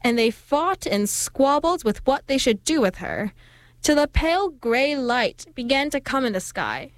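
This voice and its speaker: A woman's voice: high voice, a little slow, no echo. Woman reading a folk tale aloud. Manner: steady, expressive storytelling. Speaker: storyteller.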